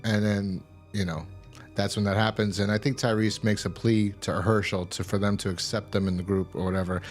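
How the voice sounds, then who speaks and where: A man's voice: on the low side, little pitch movement, brisk, faint music behind. A man casually recapping a TV episode as a reviewer, rambling and slangy with lots of fillers. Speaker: TV show reviewer.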